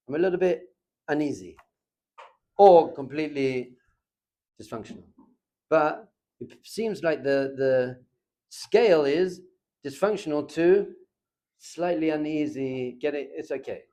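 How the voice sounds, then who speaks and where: A man teaching a lively Torah class in a classroom. He acts out little scenes and chuckles often as he talks. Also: on the high side, moderate pace, pauses often.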